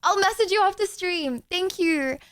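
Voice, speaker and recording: A woman streamer chatting casually with viewers, excitable and rambling, often apologizing. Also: very high voice, moderate pace, dry recording.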